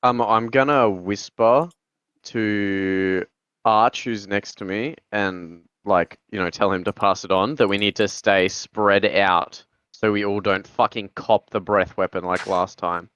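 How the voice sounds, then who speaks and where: Male player, low and smooth, casual swearing, slightly muffled dry recording. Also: fairly even intonation, unhurried, fairly bright tone, no room sound. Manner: casual, swears often, hesitant planning. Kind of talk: casual tabletop game chat.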